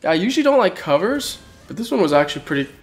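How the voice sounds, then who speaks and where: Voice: mid-range voice, big pitch swings. A co-host of a gaming channel bantering casually through gameplay with teasing comebacks. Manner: teasing, quick comebacks, occasional swearing. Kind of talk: casual let's play banter.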